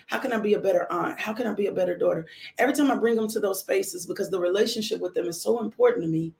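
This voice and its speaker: A woman's voice: mid-range voice, gravelly, darkish tone. A middle-aged woman, a mother, giving an earnest personal testimony about faith and parenting, often repeating phrases for emphasis.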